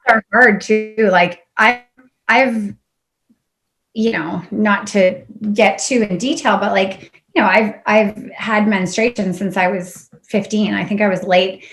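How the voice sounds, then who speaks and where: A woman's voice: medium pitch, fairly even intonation, slow pace, a bit bright. A woman guest talking openly and casually on a podcast, her sentences full of fillers. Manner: candid, chatty, full of fillers. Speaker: guest chiropractor.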